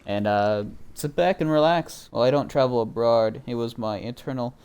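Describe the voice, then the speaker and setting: A man's voice: mid-range voice, normal speed, clear, resonant tone. A young man from Minnesota casually commenting while he plays a horror game, chatting with viewers and swearing now and then. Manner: relaxed, chatty, swears often. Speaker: streamer.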